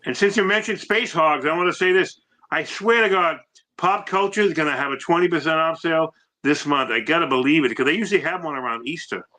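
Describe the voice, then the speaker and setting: A man's voice: fairly high pitch, fairly quick, pushed and bright. A man with a Boston accent chatting casually on a collectors' panel, trailing off and restarting his sentences. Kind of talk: casual chat.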